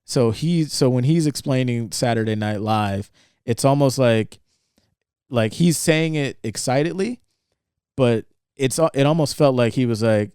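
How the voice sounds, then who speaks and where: An unhurried, clean-toned mid-range male voice comes through with no echo and clean studio sound. The young podcast co-host chats casually, rambling through a film scene and acting out its dialogue animatedly.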